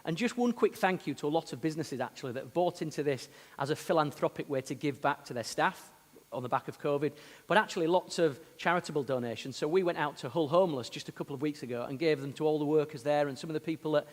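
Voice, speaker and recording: Man, upbeat promotional stage talk, slightly high voice, long hall echo. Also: fast talker. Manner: enthusiastic, promotional. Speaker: tourism organisation speaker. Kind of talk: live event stage talk.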